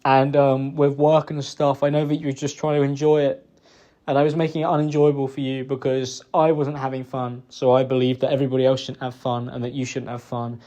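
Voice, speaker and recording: A young man apologising to his partner in a private talk, halting and remorseful, stumbling over fillers and swearing. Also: mid-range voice, flat delivery, warm tone, lo-fi sound.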